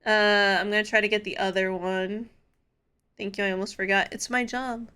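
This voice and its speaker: A woman's voice: mid-range voice, fairly even intonation, moderate pace, bright, forceful tone, clear, resonant tone. A young woman streaming, chatting casually with her viewers, giddy and laughing often. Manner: giddy, laughs often, talks straight to chat.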